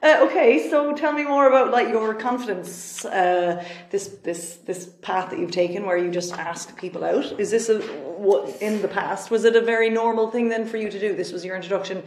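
A woman's voice: mid-range voice, normal speed, reverberant, a little hiss or hum. A woman hosting a podcast, asking questions and teasing her guests in casual chat. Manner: teasing, reactive interviewer. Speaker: podcast host.

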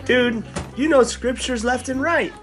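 A father and podcast host reading a farm picture book aloud to his children and making animal sounds in a playful, animated way. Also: very high-pitched, measured pace, music in the background.

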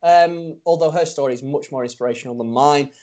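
A man's voice: fairly high pitch, brisk, a little mellow. A man co-hosting a casual chat podcast, jokey and self-mocking. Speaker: podcast co-host.

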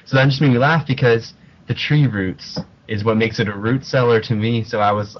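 A man's voice: on the low side, brisk. A man co-hosting a podcast, talking hesitantly with lots of fillers in casual chat. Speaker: podcast co-host. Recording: muffled lo-fi audio with faint noise.

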